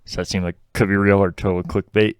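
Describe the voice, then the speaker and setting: Laid-back low-voiced podcast man. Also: flat delivery, fast talker, smooth, dry recording. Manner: laid-back, laughs often. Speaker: podcast co-host. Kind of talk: casual chat.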